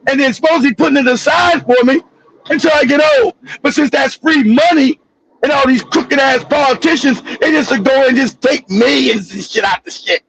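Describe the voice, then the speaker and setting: A man's voice: extremely high pitch, vocal fry, fairly bright tone, no room sound, rough recording. A middle-aged man giving heated, profane commentary on a livestream, swearing freely and laughing at his own jokes.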